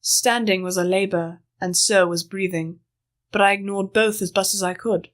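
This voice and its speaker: A woman reading a first-person story aloud as an audiobook narrator, with steady storytelling. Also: mid-range voice, moderate pace.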